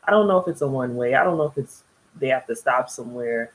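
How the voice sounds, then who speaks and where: A woman's voice: very deep voice, lively intonation, fast, poor audio. A young woman casually recapping a reality TV episode, chatty and rambling, often laughing between thoughts. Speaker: TV reality show reviewer.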